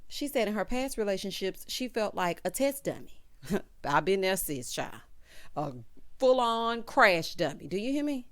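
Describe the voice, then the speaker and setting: A woman's voice: medium pitch, expressive, normal speed. A woman hosting a casual, sassy recap of a reality show, calling her viewers child and honey.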